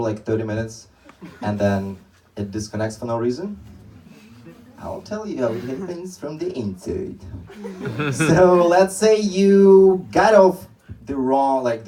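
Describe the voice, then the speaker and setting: A man's voice: medium pitch, mellow, recorded from a distance, low-quality recording. A young man doing a stand-up comedy set on a club stage, telling rambling stories with many restarts.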